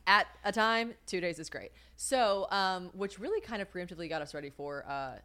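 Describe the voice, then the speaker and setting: A woman's voice: on the low side, lively intonation, normal speed, pushed and bright, clear, resonant tone. A young woman co-hosting a podcast in casual chat, rambling, swearing freely and laughing often. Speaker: podcast co-host.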